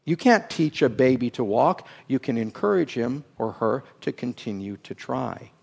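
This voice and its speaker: A middle-aged man preaching a sermon, dropping to hushed, drawn-out phrases and then climbing into loud, emphatic bursts. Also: mid-range voice, animated, vocal fry, breathy edge. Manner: slow, drawn-out words for emphasis.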